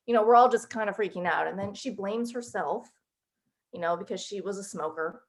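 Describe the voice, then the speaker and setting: A woman's voice: mid-range voice, fairly quick. A woman in her thirties, a guest author in an interview, telling a personal story in a chatty, emotional way with many fillers.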